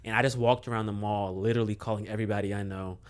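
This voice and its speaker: Young guy from maryland, lowish voice, easygoing story full of you knows and little laughs. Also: racing, smooth. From Maryland, USA. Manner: relaxed, chuckling, many fillers. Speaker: podcast guest, basketball coach. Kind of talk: casual storytelling interview.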